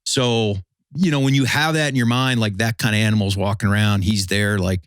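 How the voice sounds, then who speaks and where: Low voiced guy chatting on a podcast, laid back, dry close sound. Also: brisk, clear, resonant tone, dry recording. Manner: relaxed storyteller, swears casually. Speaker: podcast host. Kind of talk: casual chat.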